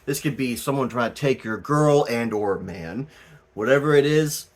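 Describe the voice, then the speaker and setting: A man giving a tarot reading as the host, talking casually, rambling and animated, often laughing and swearing. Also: medium pitch, normal speed. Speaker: tarot reader.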